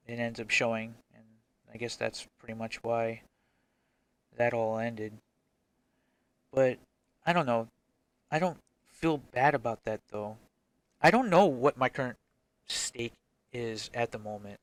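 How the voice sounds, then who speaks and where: A man's voice: medium pitch, a bit bright, no room sound. A man talking to camera in a casual, reflective vlog as an indie game developer. He is frank, rambles with many restarts, and swears freely.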